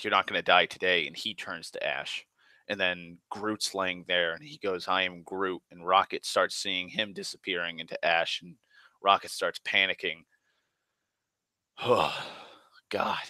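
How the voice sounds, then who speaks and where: Low male voice, bright and dry, rambling profane movie recap with stumbles. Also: dry recording. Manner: profane, excitable, rambling with restarts. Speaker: movie vlogger.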